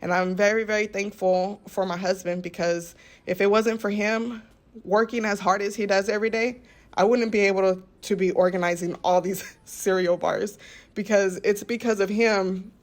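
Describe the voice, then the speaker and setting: A woman's voice: medium pitch, steady tone, moderate pace. A woman, speaking in a heartfelt, rambling way and often repeating words for emphasis. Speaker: lifestyle vlogger. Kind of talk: heartfelt voice-over chat.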